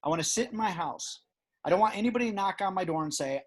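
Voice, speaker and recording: A man's voice: sits high, expressive, fast. A man hosting a casual podcast chat, rambling and emphatic with many restarts. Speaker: podcast host. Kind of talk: casual conversation.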